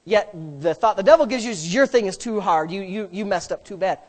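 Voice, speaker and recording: A middle-aged man, a pastor preaching a sermon that swells from plain storytelling into loud, emphatic declarations. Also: high-pitched, expressive, fairly quick.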